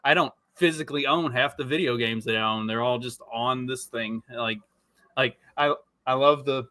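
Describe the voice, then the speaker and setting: Guy with a bright sharp voice joking crude on a stream, dry sound, lotta likes. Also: medium pitch, moderate pace, no echo. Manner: animated, crude jokes, lots of fillers. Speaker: podcast co-host. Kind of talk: casual chat.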